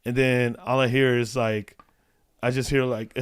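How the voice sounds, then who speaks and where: A man's voice: medium pitch, flat delivery, normal speed, fairly bright tone, clean tone. A man, a comedian guest on a podcast, telling casual stories with lots of restarts and fillers. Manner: rambling with restarts and laughter.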